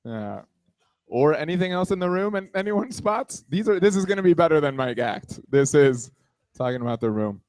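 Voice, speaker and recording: A man's voice: on the high side, animated, normal speed, a little mellow, dry recording. Young man doing a self-deprecating stand-up set. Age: 20s.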